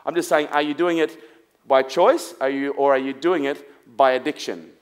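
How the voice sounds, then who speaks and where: A man's voice: mid-range voice, steady tone, normal speed, clear, resonant tone. A man giving an emphatic seminar talk to a live audience, firing rhetorical questions and swearing bluntly. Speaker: motivational speaker.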